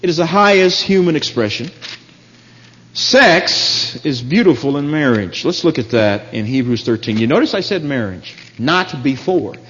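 A man preaching a sermon in an animated, emphatic way, his voice jumping up high when he gets excited. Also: normal speed. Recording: dull lo-fi recording in a reverberant hall.

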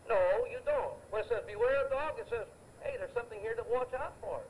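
Emphatic high-voiced male preacher. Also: a little fast, darkish tone, slight background noise, poor audio. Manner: emphatic, anecdotal, repeats phrases for effect. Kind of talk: sermon.

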